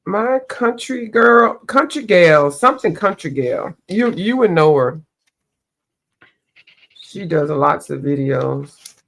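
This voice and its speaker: A woman's voice: on the low side, lively intonation, slow. A woman hosting a livestream, chatting casually while she colors, rambling and searching for names, a bit stuffy from allergies. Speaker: livestream host.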